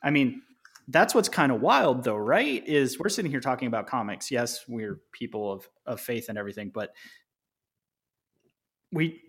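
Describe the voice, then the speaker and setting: A man co-hosting a podcast in casual chat, explaining at length and laughing quickly. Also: medium pitch, expressive, a bit bright, breathy edge. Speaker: podcast co-host.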